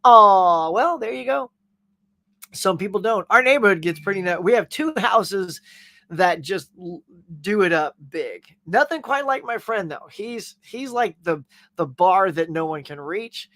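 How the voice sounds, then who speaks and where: A man's voice: high voice, measured pace, no echo. A man hosting a casual live stream, chatting and joking as he reads viewer comments. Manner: chatty, jokey, animated. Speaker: host.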